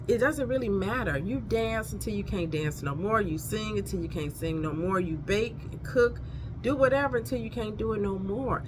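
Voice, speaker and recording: Background noise runs under this woman's mid-range voice. In her fifties and working as a life coach, she gives blunt, down-to-home advice while chatting to viewers in a casual motivational vlog.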